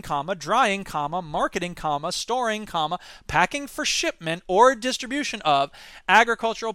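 Sarcastic male commentary host, high-pitched and crisp, dry close sound. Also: fairly bright tone, dry recording. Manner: sarcastic, rants and reads news aloud. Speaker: podcast host. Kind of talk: satirical news commentary.

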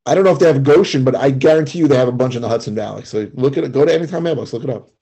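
A man's voice: medium pitch, rapid-fire, gravelly, mellow, slightly rough. A man co-hosting a podcast, talking bluntly and dismissively in casual chat. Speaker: podcast co-host.

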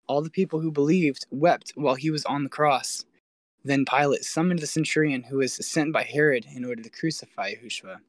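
A man reading an ancient religious text aloud in a solemn, measured way. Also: medium pitch, no echo. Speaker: host reading ancient texts. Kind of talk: scripted scripture reading.

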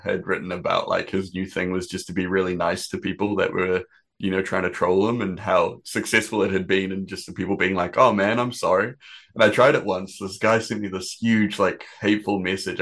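A man with a low-pitched voice tells stories in a relaxed podcast chat. He is easygoing and laughs readily while talking. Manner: laughing, easygoing anecdote-teller. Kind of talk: casual storytelling chat.

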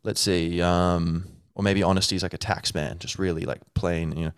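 Low-voiced man rambling casually. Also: steady tone, a little fast, smooth, dry recording, studio quality. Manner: rambling, thinking aloud, lots of fillers, playful. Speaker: podcast host. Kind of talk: casual solo talk.

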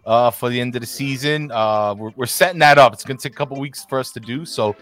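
A man hosting a casual football podcast, speaking in a relaxed, friendly way. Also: medium pitch, fast, faint music behind. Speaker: podcast host. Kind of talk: casual podcast sign-off chat.

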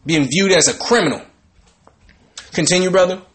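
A man leads a Bible study, talking through scripture in a loose, conversational preaching style. He is animated and informal, and his voice sits a little on the higher side. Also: normal speed. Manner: animated, conversational, breaks into laughter and mock voices.

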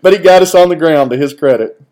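A man joining in on a shared story in casual talk, calmly filling in details and chuckling now and then. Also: a little high, quick pace.

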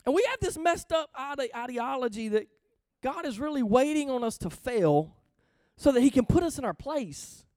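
A man's voice: extremely high pitch, very animated, normal speed, darkish tone, dry recording. A man preaching in a conversational way, reading scripture aloud and explaining it emphatically, often checking in with his listeners. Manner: emphatic, reads scripture then explains it, asks the listeners questions. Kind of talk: conversational Bible teaching.

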